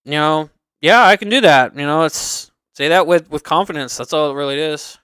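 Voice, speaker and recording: High, bright-voiced rambling streamer. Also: male voice, fairly even intonation, moderate pace, smooth, no room sound. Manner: rambling, circles back and repeats points. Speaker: livestream host. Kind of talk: casual unscripted chat.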